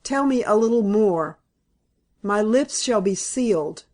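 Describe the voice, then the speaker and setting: A woman's voice: mid-range voice, expressive, unhurried, a little mellow, lightly acted. A woman reading aloud, voicing a fearful young woman urgently pleading with her father. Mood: anguished pleading.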